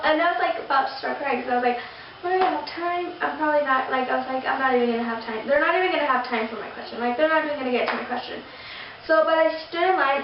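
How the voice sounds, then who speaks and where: A young woman vlogger rambling through a story, gushing and full of fillers and restarts. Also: sits high. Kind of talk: casual storytelling to camera. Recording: very echoey, distant, dull lo-fi sound with faint noise.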